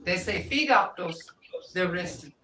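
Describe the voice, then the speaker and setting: An older woman teaching a language class, unhurried and reminiscing, often laughing as she talks. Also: on the low side, expressive, bright, forceful tone. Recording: echoey room, distant mic, faint noise.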